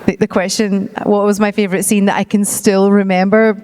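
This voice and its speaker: A woman's voice: medium pitch, flat delivery, a little fast, a little mellow, in a large hall, a little hiss or hum. A middle-aged woman with a Scottish accent, chatting casually as a guest at a convention panel, self-deprecating and laughing often. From Scotland. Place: convention hall stage.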